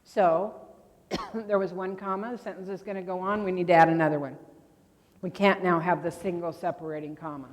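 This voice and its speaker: A woman's voice: on the low side, steady tone. Woman lecturing in a big echoing hall. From Indiana. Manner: quizzing the audience with quick questions and answers. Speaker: grammar instructor at a court reporters' convention. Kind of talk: interactive classroom lecture. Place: convention meeting room. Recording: long reverb in a large hall.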